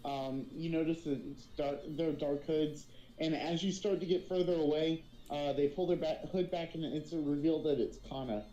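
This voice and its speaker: A man's voice: fairly high pitch, fairly even intonation, normal speed, mellow, lo-fi sound. Man narrating a tabletop game, echoey room. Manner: casual, filler-heavy narration. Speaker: dungeon master.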